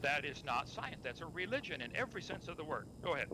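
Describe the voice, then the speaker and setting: Argumentative man over loud gunfire. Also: on the high side, expressive, quick pace, very noisy. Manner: argumentative, rhetorical questions. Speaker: debater. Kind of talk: debate argument.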